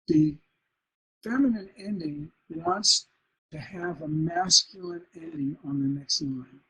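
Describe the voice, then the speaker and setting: A man's voice: fairly high pitch, unhurried, pushed and bright, husky, poor audio. A man teaching a songwriting workshop, explaining line rhythm and chanting nonsense syllables to show where the stresses fall. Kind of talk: workshop lecture.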